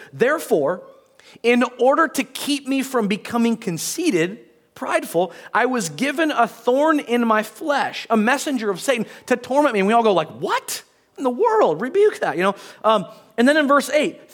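A man's voice: very high-pitched, a bit bright. A male pastor giving a conversational sermon in a church, reading passages aloud and briefly acting out quotes. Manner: conversational, acts out short quotes, many restarts.

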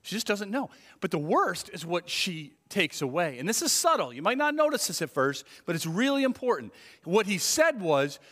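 In a hall with long reverb, a male pastor preaches a sermon conversationally, acting out the voices of those he quotes. His voice is high and slightly bright, swinging widely in pitch at a moderate pace.

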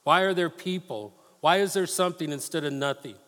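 A man's voice: on the high side, fairly quick, fairly bright tone. A man preaching a sermon as pastor, reading scripture aloud and explaining it with rhetorical questions and casual asides. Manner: casual asides and playful impressions. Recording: long hall reverb.

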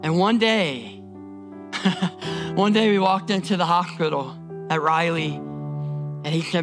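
A man's voice: high voice, takes it slowly, long pauses, music in the background. A man from Indiana preaching a sermon as a pastor, emphatic and repetitive, often restarting his words.

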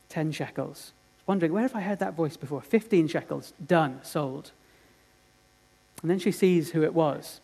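A male preacher delivers a sermon as a dramatic, earnest story. His slightly high voice rises loud for the drama and falls to a hush for the tender moments.

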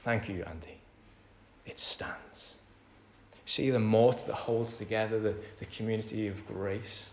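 A man preaching a conversational sermon in a church. He repeats key phrases and swings from hushed to loud. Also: fairly low pitch, fairly even intonation, normal speed, hardly any pauses, a little hiss or hum. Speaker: pastor. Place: church hall. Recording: echoey church hall.

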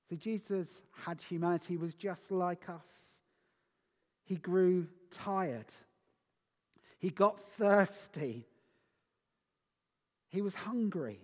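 A man preaching a Christmas sermon, slow and emphatic, with dramatic pauses between phrases. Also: sits high, darkish tone. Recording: long reverb of a large hall.

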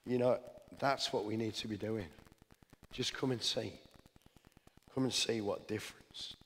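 A man's voice: lowish voice, fairly even intonation, measured pace, pauses often, fairly bright tone. A man preaching a sermon in a church, talking in a conversational, earnest way with frequent restarts. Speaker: pastor. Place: church hall. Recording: church hall with long reverb, faint noise.

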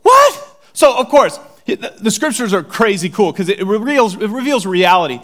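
A man preaching a sermon, animated and conversational, swinging from loud excitement to hushed near-whispers. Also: sits high, normal speed. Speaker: pastor.

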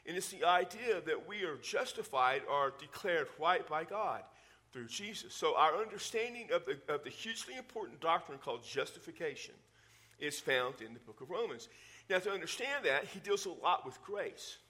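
A man's voice: fairly high pitch, expressive, moderate pace, bright, forceful tone, husky. A middle-aged man, preaching a teaching sermon and explaining scripture in a conversational way. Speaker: pastor.

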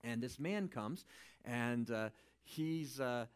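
Animated man teaching the Bible. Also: medium pitch, slow pace, smooth. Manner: animated, swinging from quiet asides to loud emphasis; informal, checks in with "right?".

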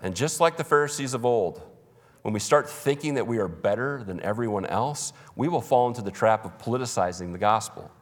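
A man's voice: mid-range voice, in a large hall. A man preaching a sermon as pastor, emphatic and conversational, with humorous asides. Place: church.

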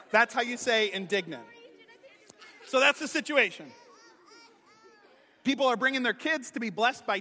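A man, a pastor, giving a playful, animated children's sermon, talking straight to the kids. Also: high-pitched. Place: church sanctuary. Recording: long hall reverb.

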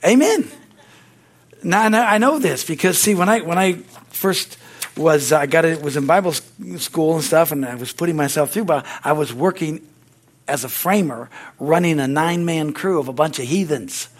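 A middle-aged man preaching a sermon in church, fervent, with repeated words and frequent amens. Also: moderate pace. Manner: stories grow loud and high-pitched. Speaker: pastor.

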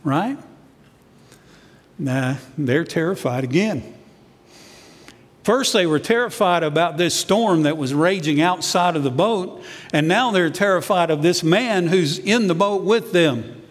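A man's voice: high voice, expressive, a little slow, big-room sound. A man, a church elder, preaching a sermon in a conversational way, sometimes acting out what the disciples said.

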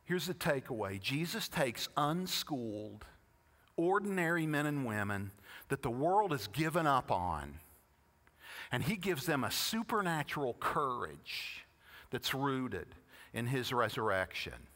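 A man preaching a sermon, emphatic, with rhetorical questions and dramatic slow-downs, recorded in a large church hall. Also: mid-range voice, sing-song, a bit bright. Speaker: pastor.

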